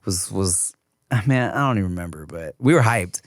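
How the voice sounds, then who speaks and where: A male podcast host tossing off slangy banter and quick reactions, his pitch rising and falling a lot. The mic is close and dry, with almost no room sound. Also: animated, no echo. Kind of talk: casual podcast chat.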